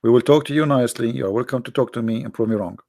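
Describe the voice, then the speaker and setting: A man with an Arabic accent hosting a live online talk, animated and mocking, often repeating himself. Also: medium pitch, racing, vocal fry. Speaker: online show host. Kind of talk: casual live-stream talk.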